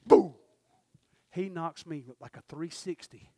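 A man preaching a sermon, telling folksy stories and acting out the dialogue, swinging from shouted peaks down to low murmurs. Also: a little slow, no room sound. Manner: folksy storytelling with acted-out dialogue. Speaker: pastor.

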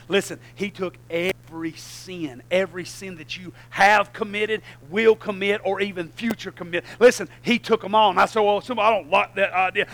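A middle-aged man, preaching a sermon that swings between low conversational asides and loud, shouted passages. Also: fairly even intonation, fairly quick, rough recording.

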